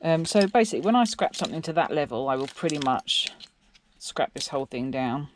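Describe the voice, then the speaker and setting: An Englishwoman who makes scrapping videos rambles casually while tearing down electronics, asking her viewers questions as she goes. Her voice sits low and sounds animated, moving fairly quickly, with a slight hiss or hum in the background.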